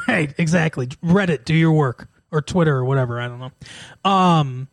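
High-voiced man chatting on a podcast. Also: normal speed, gravelly, no room sound. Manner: chatty, laughs often while retelling scenes. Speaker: podcast co-host. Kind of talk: casual chat.

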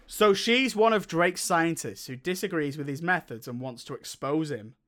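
A chatty man co-hosting a film podcast, talking loosely and laughing his way through plot summaries. His voice sits a little high and sounds bright and forward. He rambles, restarts and acts out bits of scenes. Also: moderate pace. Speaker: podcast co-host. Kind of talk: casual film review chat.

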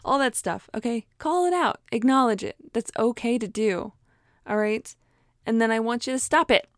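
A woman's voice: fairly high pitch, moderate pace, no room sound, clean studio sound. A woman giving a casual motivational talk in a chatty, encouraging way, laughing often and acting out inner voices. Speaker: motivational speaker.

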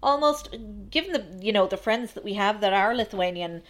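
A woman co-hosts a casual film podcast in a mid-pitched voice. She talks in a chatty, analytical way and fills her pauses with ums. Her points come in a relaxed, conversational flow. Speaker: podcast co-host.

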